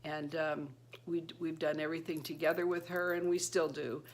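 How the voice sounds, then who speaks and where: A woman's voice: sits low, little pitch movement, normal speed. A woman in her fifties, recently retired, chatting to camera in a rambling way and laughing often. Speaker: beauty vlogger. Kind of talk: casual chat to camera.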